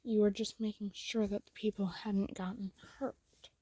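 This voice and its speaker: Whispered role-play narrator, woman, soft and intimate, dark and mellow tone, dry sound. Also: mid-range voice, fairly even intonation, moderate pace, slightly rough, no room sound. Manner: soft and intimate, second-person storytelling.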